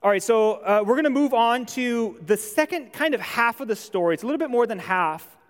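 Male pastor, high-pitched, chatty conversational preaching, church hall reverb. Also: fairly quick. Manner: conversational, animated when voicing imagined objections. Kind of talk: sermon.

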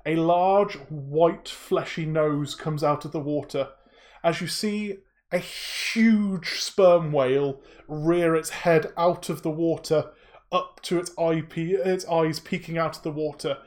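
A man running a tabletop game as game master, narrating scenes in a relaxed, descriptive way with frequent ums. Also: fairly high pitch, slow pace.

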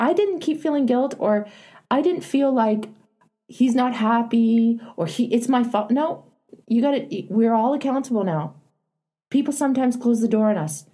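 Husky, mellow woman coaching a caller. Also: a little high, lively intonation, normal speed. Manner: earnest, emphatic, plainspoken. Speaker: advice show host.

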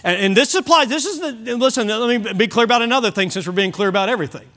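A man's voice: high voice, racing, pushed and bright. A man preaching a sermon at a church service, emphatic and repeating key phrases for weight.

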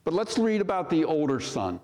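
A man's voice: a little high, big pitch swings, brisk, darkish tone. A male pastor preaching a sermon, reading scripture aloud and commenting on it with rhetorical questions to the congregation. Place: church sanctuary. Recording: long reverb of a church sanctuary.

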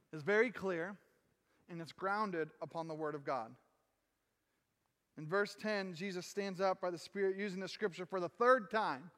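A man preaching a sermon in a church, earnest and emphatic, dropping low on key phrases. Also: a bit bright. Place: church sanctuary. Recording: long reverb of a large hall.

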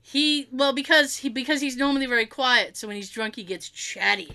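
A woman's voice: sits high, steady tone, a little fast, sharp tone. A middle-aged woman telling a funny family story in casual chat, acting out the quotes and laughing often.

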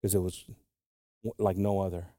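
A male preacher delivering a bilingual sermon, moving from quiet, halting, intimate talk to loud, slow, drawn-out scripture reading. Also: sits low, level tone, no echo, studio quality. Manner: halting, with frequent fillers and restarts.

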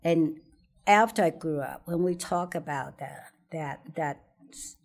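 Slow-speaking woman telling a childhood story. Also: low voice, creaky. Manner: hesitant, repeats words, laughs often. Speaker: interviewee. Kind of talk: personal storytelling in conversation.

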